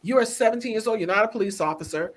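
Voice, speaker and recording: A woman co-hosting a casual talk show, animated and emphatic, repeating words for effect. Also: mid-range voice, quick pace. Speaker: co-host. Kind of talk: casual chat.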